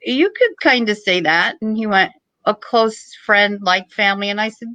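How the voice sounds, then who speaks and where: A middle-aged woman, a podcast guest, telling a story in a joking, lively way. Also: mid-range voice, normal speed, dry recording, poor audio. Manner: joking, animated storytelling with laughs. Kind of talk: casual storytelling.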